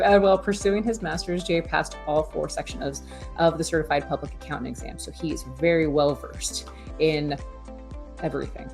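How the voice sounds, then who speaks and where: A woman hosting an online event, introducing a speaker in a bubbly, giggly way. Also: low voice. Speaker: event host. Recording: faint music behind.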